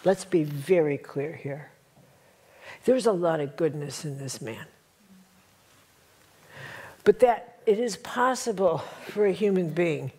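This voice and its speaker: A woman teaching a spiritual workshop to a live audience, telling stories in an animated way and checking in with her listeners. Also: lowish voice, measured pace, breathy edge. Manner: animated, storytelling, addresses audience with rhetorical checks.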